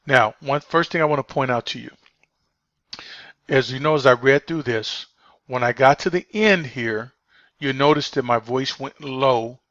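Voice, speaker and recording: A man walks trainees through a sales call, stressing his points and circling back to repeat them. His voice sits at a middling pitch. The recording sounds dull and lo-fi, with a dry, close feel. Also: unhurried, long pauses, a bit bright, no room sound. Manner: emphatic, repeats key points, many fillers. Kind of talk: spoken training walkthrough.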